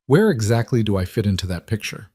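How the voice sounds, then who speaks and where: A proud, wary pregnant young woman, bitter and defiant in every word, as a man reads her part. The voice sits fairly low and sounds dry and close. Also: big pitch swings, quick pace, warm tone, slightly rough, dry recording.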